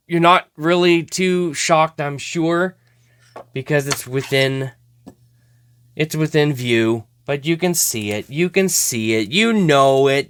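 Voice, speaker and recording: A man's voice: fairly high pitch, fairly bright tone, smooth. A man hosting a hockey card opening show, chatting casually and exclaiming over each card, often laughing at himself.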